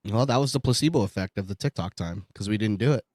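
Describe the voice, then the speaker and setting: A man co-hosting a podcast in casual banter, animated, laughing often and swearing a lot. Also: fairly low pitch, fast, dry recording. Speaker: podcast co-host.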